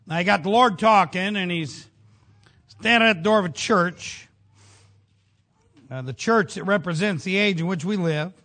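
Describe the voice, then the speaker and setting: Middle-aged preacher guy, bright voice, folksy, shouts then goes quiet. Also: lively intonation, a little slow, pauses often. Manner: folksy, swings from shouting to low murmurs. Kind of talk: sermon.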